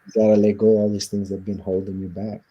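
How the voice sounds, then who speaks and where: Husky low-voiced man telling his story. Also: level tone, fast talker, mellow, highs cut off. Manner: earnest, reflective, acts out quoted voices. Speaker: interview guest. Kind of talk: conversational storytelling.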